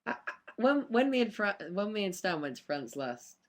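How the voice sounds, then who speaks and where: A man's voice: high voice, very animated, moderate pace. A young man, chatting casually on a live stream and answering fan questions with lots of ums and laughs. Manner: chatty, rambling, laughs often, many ums.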